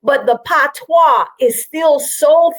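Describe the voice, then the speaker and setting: Taking her time, a South Carolina woman with a high-sitting voice relates her story as an interview-show guest. The poor audio carries a lively, talkative delivery full of fillers.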